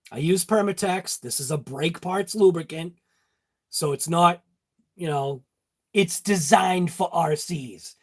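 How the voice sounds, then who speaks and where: Garage host, male, high voice, joking with his viewers. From Massachusetts. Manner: jokey, talks to viewers by name. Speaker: channel host. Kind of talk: casual workshop chat. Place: home garage workshop.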